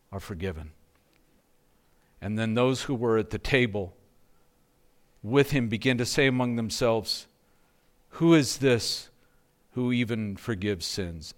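Slow, measured male preacher. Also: lowish voice. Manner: slow, measured preaching, softening to hushed endings. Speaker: pastor. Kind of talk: sermon.

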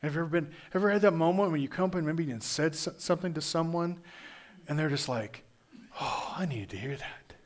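A man from Kansas preaching a sermon in a conversational, animated way, often restarting and repeating words. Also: fairly high pitch, quick pace. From Kansas, USA. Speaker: pastor.

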